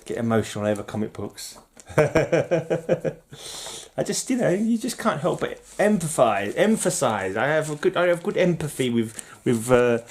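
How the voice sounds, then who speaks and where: A man's voice: on the high side, big pitch swings, measured pace, a little hiss or hum. A man casually chatting about comic books on his channel, rambling and jokey with frequent giggles. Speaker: comic book collector vlogger. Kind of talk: casual chat.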